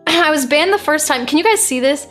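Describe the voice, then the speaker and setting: A woman's voice: sits high, expressive, fairly bright tone, faint music behind. A young American woman streamer reading viewer messages aloud in a blunt, exasperated way. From United States. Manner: blunt and exasperated, quick to deny.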